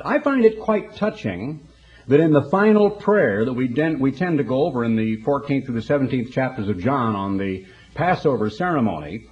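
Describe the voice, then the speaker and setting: A man's voice: on the high side, warm tone, highs cut off. Folksy storytelling male preacher. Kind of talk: broadcast sermon.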